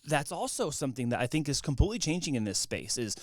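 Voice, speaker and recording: A man's voice: medium pitch, big pitch swings, quick pace, darkish tone, dry recording, clean studio sound. A man in a casual podcast conversation, talking emphatically and encouragingly with many likes. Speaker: videographer guest.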